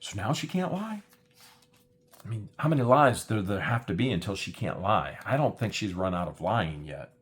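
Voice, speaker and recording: Animated, mocking man vlogger. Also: fairly low pitch, moderate pace. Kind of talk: commentary recap.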